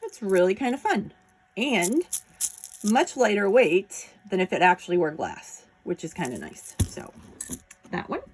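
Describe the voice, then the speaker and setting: Slow, chatty woman showing jewelry. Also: mid-range voice, big pitch swings, slight background noise. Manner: chatty, admiring, talks while handling items. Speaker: jewelry seller showing auction finds. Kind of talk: casual show-and-tell chat.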